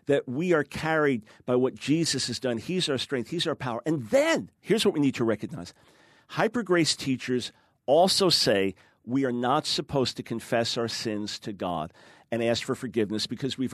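A man's voice: medium pitch, no echo, studio quality. A man, a guest author, talks emphatically in a theological discussion, acting out quoted people with shifts in his voice.

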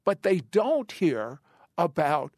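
A man hosting a Christian television interview, asking slow, earnest questions. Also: fairly high pitch, very animated, a little mellow, dry recording, studio quality. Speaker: host.

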